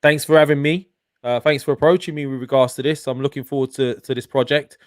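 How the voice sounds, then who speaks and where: A man's voice: mid-range voice, fairly even intonation, quick pace, dry recording, studio quality. A man hosting a casual live-stream chat, upbeat and talkative with plenty of fillers. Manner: upbeat, chatty, many fillers. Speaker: channel host.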